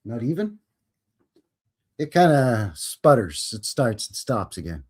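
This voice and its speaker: A man's voice: mid-range voice, sing-song, slow pace, a little mellow, slightly rough. A man from Canada hosting a casual live stream, chatting and greeting viewers by name in a folksy way.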